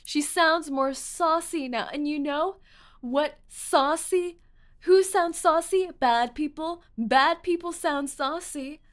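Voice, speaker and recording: A woman streaming a game, reacting excitedly with gasps, yells and jokes. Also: high voice, slow pace. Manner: excitable, gasping, yelling, jokey. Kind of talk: casual let's-play commentary.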